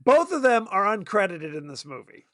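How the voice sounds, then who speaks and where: A man's voice: high-pitched, sing-song, brisk, no echo, studio quality. A man co-hosting a podcast in casual chat, amused and chatty, laughing often as he talks about a movie. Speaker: podcast co-host.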